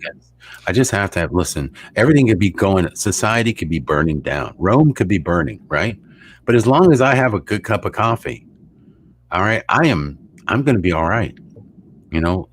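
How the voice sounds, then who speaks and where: A man's voice: sits low, a little hiss or hum. A man hosting a show, rambling and joking in casual chat, swearing freely. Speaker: host.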